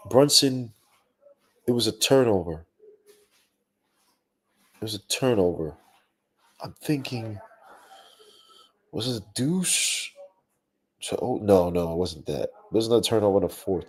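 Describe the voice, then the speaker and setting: A young man hosting a live post-game basketball podcast, talking in an animated, slangy, ranting way with lots of asides. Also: on the low side, a little slow, pauses often, slightly rough. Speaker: podcast host.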